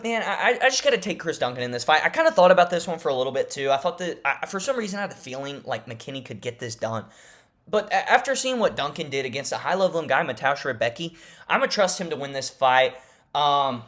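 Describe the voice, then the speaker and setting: A young man talks through his fight predictions in a loose, rambling way. He restarts sentences, drops in fillers and gets excitable about the matchups. His voice sits at an ordinary middle pitch for a man. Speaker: MMA picks host.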